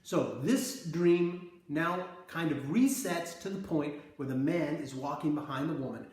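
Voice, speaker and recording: A man's voice: fairly high pitch, measured pace, darkish tone. A man earnestly retelling and interpreting his dreams in a conversational way, acting out the scenes as he goes. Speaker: preacher recounting visions. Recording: very echoey room.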